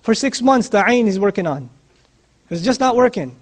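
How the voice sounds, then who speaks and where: A man's voice: sits high, lively intonation, normal speed. A man giving a passionate religious lecture, repeating key phrases for emphasis and quoting Arabic scripture. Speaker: preacher.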